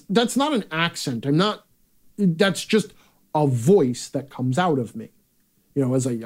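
A man's voice: on the high side, a little mellow. A man hosting a live chat, talking bluntly and casually with profanity and rambling asides. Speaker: host.

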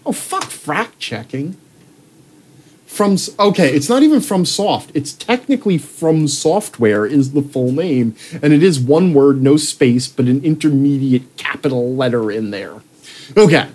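A man's voice: a little high, expressive, unhurried, a little mellow. A man reading his own article aloud in a sarcastic, swearing rant, breaking off to joke about it. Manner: puts on mock voices when quoting people. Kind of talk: ranting proofread read-aloud.

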